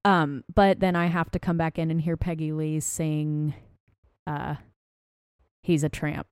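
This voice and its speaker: A woman's voice: low-pitched, darkish tone, smooth, no echo, studio quality. A woman, co-hosting a podcast in casual chat, gushing and emphatic. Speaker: podcast co-host. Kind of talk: casual chat about a film.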